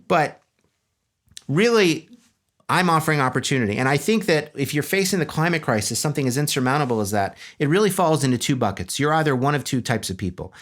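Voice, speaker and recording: Humorous man giving a stage talk. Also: a little high. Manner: humorous, animated storytelling. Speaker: speaker. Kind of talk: conference talk. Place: stage before an audience.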